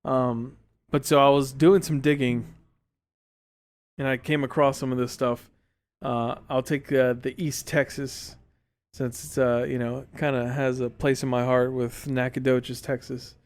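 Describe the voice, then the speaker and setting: A young man co-hosting a podcast, talking in a relaxed, rambling way with lots of fillers. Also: medium pitch, measured pace. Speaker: podcast co-host. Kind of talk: casual chat.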